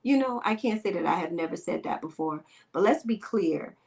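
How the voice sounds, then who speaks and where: A woman's voice: fairly low pitch, animated, moderate pace, gravelly, darkish tone. Blunt, slangy woman podcast host. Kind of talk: casual opinion talk and storytelling. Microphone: podcast microphone.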